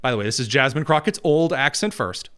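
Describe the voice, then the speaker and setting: A man's voice: mid-range voice, expressive, fairly quick, a bit bright. A man hosting a political commentary show, talking in a sarcastic, mocking way with exaggerated emphasis.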